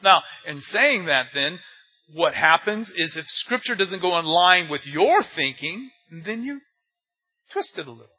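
A man's voice: high voice, very animated, a little slow, slightly rough. An older man preaching as a pastor in a conversational way, asking rhetorical questions and telling anecdotes. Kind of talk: conversational sermon. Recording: dull lo-fi recording.

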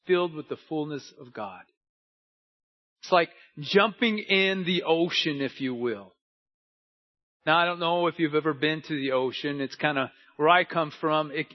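A man preaching a sermon, dropping to a near hush and then rising to loud emphatic lines. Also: fairly high pitch. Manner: preaching with wide swings from hushed to emphatic. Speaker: pastor. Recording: dull lo-fi sound.

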